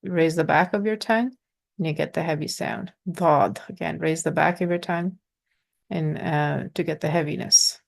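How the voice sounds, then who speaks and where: A woman teaching pronunciation in an informal lesson, patiently explaining with halting pauses and sounding out letters. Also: sits low, steady tone, gravelly.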